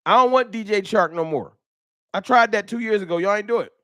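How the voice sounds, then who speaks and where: An animated man hosts a fan talk livestream, voice pitched a little high for a man. He talks in a slangy, emphatic way, repeating points as he argues. The sound is dry and close, with almost no room echo. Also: a little fast. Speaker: host.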